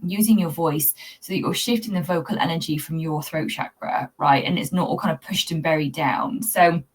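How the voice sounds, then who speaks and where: A woman coaching pet owners in a talk-to-camera video, speaking in an earnest, reflective, gently spiritual way. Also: low-pitched, slightly rough. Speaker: cat anxiety coach. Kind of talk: talking-to-camera tips video.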